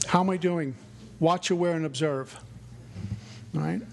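New guy, middle-aged, fairly high voice, telling his recovery story, earnest, repeats himself. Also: a little slow, creaky, noisy background. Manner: earnest, repetitive, mantra-like phrasing. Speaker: recovery meeting speaker. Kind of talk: personal recovery talk.

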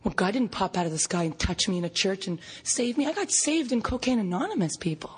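A woman from Canada giving an animated recovery meeting share, storytelling with laughs and acted-out quotes. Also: medium pitch, quick pace, slightly rough. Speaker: recovery fellowship speaker.

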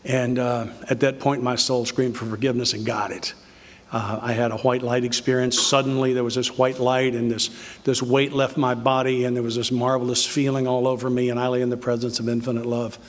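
A man's voice: mid-range voice, flat delivery. Older man sharing his story in a hall. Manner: earnest, confessional storytelling with halting restarts. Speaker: recovery speaker. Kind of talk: recovery meeting talk. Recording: reverberant hall.

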